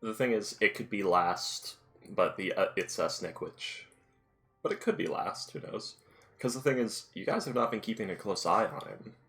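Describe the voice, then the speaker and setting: Low bright-voiced man chatting before a game. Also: moderate pace, soft background music. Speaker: game master. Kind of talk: casual pre-session chat.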